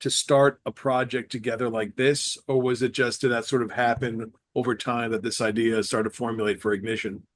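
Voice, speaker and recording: A man hosting a podcast, asking a guest a question in a measured way. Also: mid-range voice, little pitch movement. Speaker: podcast host. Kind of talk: interview questions.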